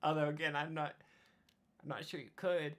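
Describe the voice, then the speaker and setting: A woman game master describing a tabletop role-play game in a relaxed, rambling way, often searching for words. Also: sits low, normal speed.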